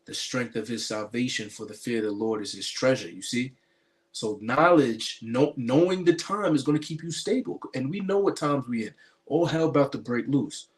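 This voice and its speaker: A man preaching in a spiritual commentary. His delivery is emphatic and insistent, with frequent um and uh fillers and stumbling restarts. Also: medium pitch.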